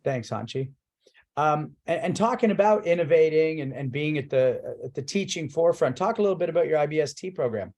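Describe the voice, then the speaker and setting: A man hosting a martial arts talk show asks his questions loosely, with false starts and the odd swear word. His voice sits a little higher than most men's. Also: animated, brisk, a little mellow. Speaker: podcast host. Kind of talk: casual interview chat.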